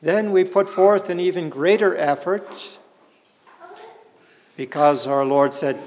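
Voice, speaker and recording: A man's voice: on the high side, in a large hall. A man preaching a sermon in an earnest way, asking the listeners rhetorical questions.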